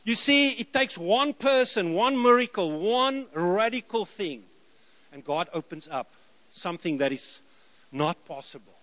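South african guy preaching, fairly high voice, tells stories and does all the voices. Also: measured pace. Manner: lively anecdotal, acts out dialogue, chuckles. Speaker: missionary preacher. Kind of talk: sermon storytelling.

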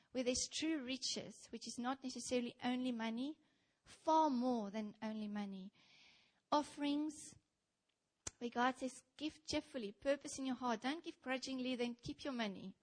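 A woman's voice: fairly high pitch, moderate pace. A young South African woman giving a sermon in a church, telling stories and speaking straight to her listeners. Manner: animated storytelling, addresses the congregation directly.

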